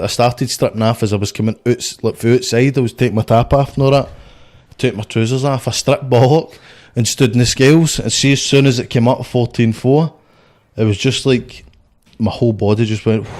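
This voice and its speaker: A man's voice: mid-range voice, steady tone, brisk, a little mellow. A young Scottish man, a boxer, telling stories in a blunt, sweary, rambling way on a casual podcast. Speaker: guest, boxer.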